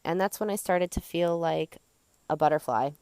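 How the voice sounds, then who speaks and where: A woman's voice: on the low side, normal speed, a little mellow, clear, resonant tone, dry recording. A young woman hosting a podcast, telling her personal story in a candid, chatty way full of fillers. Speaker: podcast host.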